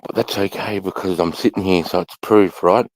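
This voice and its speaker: A man's voice: low voice, steady tone, moderate pace, no echo, rough recording. A middle-aged Australian man rambling casually to camera, swearing freely and sighing between thoughts. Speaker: vlogger.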